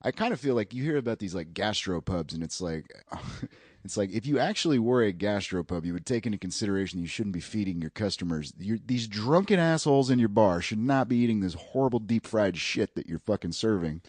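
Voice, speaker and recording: Low-voiced wry podcast host. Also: male voice, animated, fairly quick, darkish tone, no echo. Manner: wry, crude joking remarks. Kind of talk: casual podcast chat.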